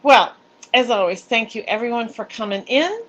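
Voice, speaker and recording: A woman co-hosting a casual livestream chat, easygoing and quick to laugh. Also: fairly high pitch, lively intonation, muffled recording. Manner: giggly and easygoing. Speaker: livestream co-host.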